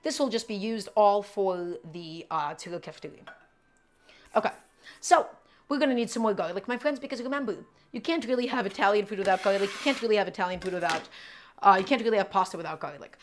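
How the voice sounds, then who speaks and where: A woman's voice: medium pitch, fast. A woman hosting a live cooking stream, chatting casually with viewers and repeating her instructions as she works.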